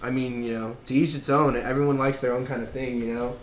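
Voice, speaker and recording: A young man rattling off a casual podcast chat at a quick clip, full of "like" and slang. His voice sits in a middling register, and the room gives it a clear echo. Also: mid-range voice, level tone, slight background noise. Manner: rambling, laid-back slang. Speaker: podcast co-host. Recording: echoey room.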